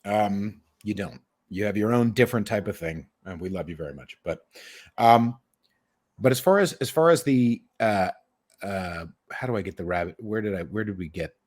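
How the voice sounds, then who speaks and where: A man's voice: fairly low pitch, expressive, normal speed, a little mellow. A man hosting a podcast in casual chat, rambling and cursing as he jokes. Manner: rambling, profane, joking. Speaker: podcast host. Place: home studio in New York.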